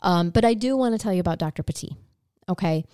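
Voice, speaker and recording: A woman with a somewhat low voice co-hosts a true-crime podcast. She tells the story in a casual, heartfelt way and swears now and then. Her voice is recorded close and dry. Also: quick pace, mellow, smooth, no echo. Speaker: podcast co-host.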